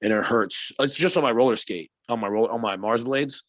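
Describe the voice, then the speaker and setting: A man in a casual podcast chat, telling stories in an animated way, swearing and laughing often. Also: medium pitch, fairly quick, no room sound. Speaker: podcast co-host.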